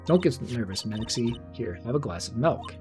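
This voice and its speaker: A man's voice: mid-range voice, lively intonation, normal speed, music in the background, natural voice. A man doing a sweet carefree circus girl. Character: naive cheerful young circus girl.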